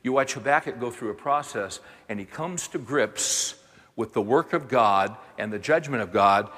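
A man preaching a sermon, animated and voicing the people in his story with dramatic quotes. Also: fairly low pitch, breathy edge. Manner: animated, voices the prophet and God in dramatic quotes. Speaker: pastor. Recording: long reverb of a large hall.

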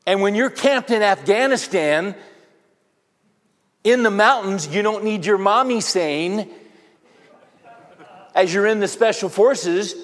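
Middle-aged male speaker, fairly high pitch, chatty storytelling sermon to men, recorded in a reverberant hall. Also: slow pace, pauses often. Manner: rambling anecdotes with rhetorical questions to the audience. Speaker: speaker addressing a men's audience.

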